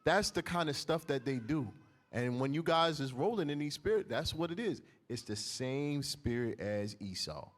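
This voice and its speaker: Lively, emphatic Bible teacher. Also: male voice, mid-range voice, normal speed. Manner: storytelling, emphatic.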